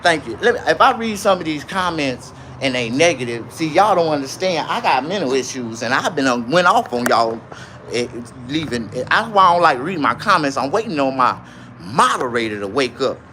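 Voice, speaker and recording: A man rambling on a livestream about tattoos, his shirt and a rap feud, out of breath, with loud bursts and mumbled asides. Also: mid-range voice, moderate pace, a little hiss or hum. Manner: rambling and animated, swinging between loud outbursts and mumbling. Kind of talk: casual livestream rant.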